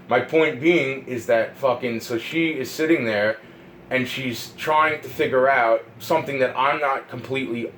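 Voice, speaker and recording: A man telling a rambling personal story, profane and excitable, often repeating himself and restarting. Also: mid-range voice, a little hiss or hum, poor audio.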